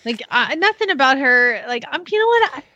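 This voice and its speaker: A playful woman co-host, teasing her guests. Her voice is fairly high and swings widely in pitch. The sound is close and dry. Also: big pitch swings, fairly quick, bright, forceful tone, no room sound, dull audio. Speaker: podcast co-host. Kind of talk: casual chat.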